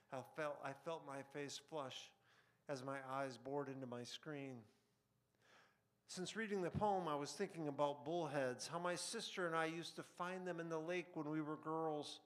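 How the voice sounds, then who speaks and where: A man in a broadcast studio reading a short story he wrote, with relaxed, conversational asides and filler words between passages. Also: a little high, normal speed. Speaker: author reading his own fiction. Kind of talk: live fiction reading with casual asides.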